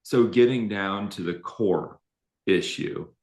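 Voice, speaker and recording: A deep, low-pitched middle-aged man on a live relationship show, telling stories in an animated, self-deprecating way. His voice carries a roomy echo from the space around him. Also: takes it slowly. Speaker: relationship coach co-host. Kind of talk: live-streamed conversational talk.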